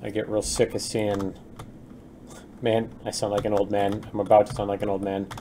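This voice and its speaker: Guy streaming his game dev, lowish mellow voice, chatty, keys clacking in the back. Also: little pitch movement, moderate pace. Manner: chatty, reads chat aloud and mutters while working. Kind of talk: casual live-stream chat while working. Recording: faint noise with keyboard typing.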